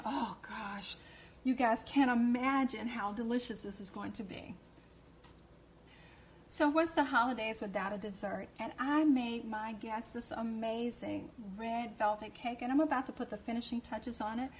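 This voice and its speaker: Woman host of a cooking show, bubbly and effusive, slightly high voice. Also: slight background noise. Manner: gushing and effusive. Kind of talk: cooking demonstration.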